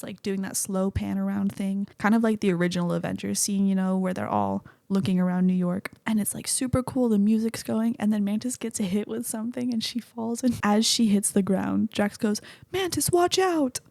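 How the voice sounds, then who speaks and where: A woman's voice: mid-range voice, gravelly, mellow, dry recording. A young woman hosting a casual solo movie review podcast, chatty and rambling, often cutting herself off mid-thought. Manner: chatty, rambling, self-interrupting. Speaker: podcast host.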